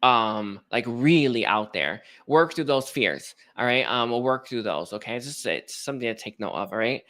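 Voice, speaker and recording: A man's voice: mid-range voice, lively intonation, moderate pace, a bit bright. A man giving a casual, rambling spiritual reading, chatting to viewers with lots of fillers and restarts. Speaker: spiritual card reader.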